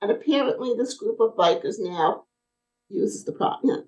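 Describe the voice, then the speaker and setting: A middle-aged woman chatting as a podcast guest, spinning one anecdote after another. She acts out the lines of the people in her stories, and her voice swings widely up and down from a middle pitch. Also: moderate pace, highs cut off. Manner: animated, acts out quoted dialogue. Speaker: podcast guest, brace company owner. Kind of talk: casual interview storytelling.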